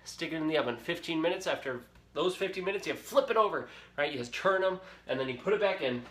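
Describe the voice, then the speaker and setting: A man's voice: a little high, animated, fast talker, a bit bright. A young man hosting a live cooking show from a home kitchen, chatty and upbeat, talking straight to his viewers. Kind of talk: casual live cooking demonstration. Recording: echoey kitchen with faint sizzling.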